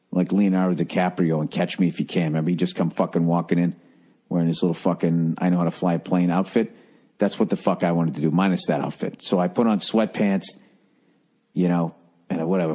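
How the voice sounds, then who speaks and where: Deep-voiced and a little mellow with a breathy edge, a podcast host rambles through a story in a wry, self-deprecating and profane manner.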